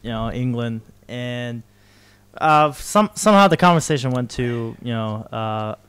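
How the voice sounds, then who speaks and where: A man's voice: mid-range voice, animated, unhurried, fairly bright tone, clear, resonant tone, dry recording. A young man hosting a casual podcast chat with friends, sick and coughing, laughing loosely as he leads the topics. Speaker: podcast host. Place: room shared with several friends.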